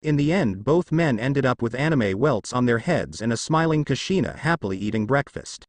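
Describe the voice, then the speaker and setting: Male storyteller for fan fiction, steady read with a lively pitch. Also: normal speed, dry recording. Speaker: narrator.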